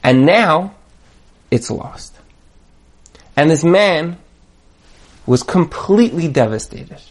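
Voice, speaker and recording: A man's voice: fairly high pitch, lively intonation, takes it slowly. Dramatic storytelling man preaching. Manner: dramatic storyteller, builds to emphatic near-shouting. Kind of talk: sermon with storytelling.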